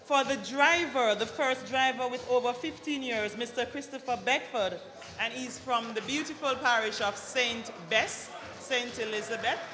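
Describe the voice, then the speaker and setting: A woman hosting an awards dinner, calling up recipients with playful jokes and quick apologies for her slips. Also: a little high. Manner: lively, joking, apologizes for slips. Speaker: awards ceremony host. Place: banquet hall at an awards dinner. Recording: long hall reverb with loud music.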